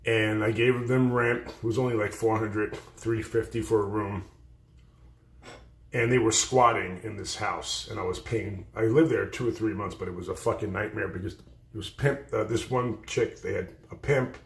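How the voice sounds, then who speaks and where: A livestream host telling rambling, profane stories in a blunt way. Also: male voice, on the low side, steady tone, normal speed. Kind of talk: storytelling on a livestream. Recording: roomy echo.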